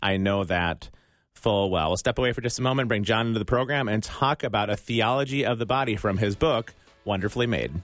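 A man's voice: medium pitch, quick pace, fairly bright tone, soft background music. An American man hosting a radio talk show, reading scripture aloud and introducing a guest. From United States. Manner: reads scripture aloud, chuckles between remarks.

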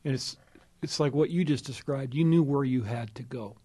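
A man hosting a conversation about faith, responding with measured, reflective comments. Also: mid-range voice, dark tone. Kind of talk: conversational interview.

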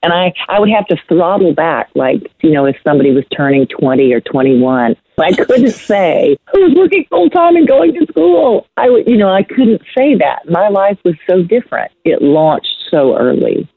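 A middle-aged woman as an interview guest, talking earnestly in casual chat with soft laughs. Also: low-pitched, lively intonation, normal speed, hardly any pauses, dry recording. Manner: earnest, laughs softly mid-sentence. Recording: dry, tinny phone-line sound.

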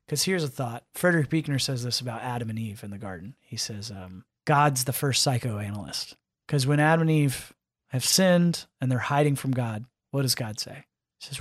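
An American man, a father appearing as a podcast guest, talks at a moderate pace in a medium-pitched voice. In this casual interview he's an animated storyteller who acts out quotes as he goes.

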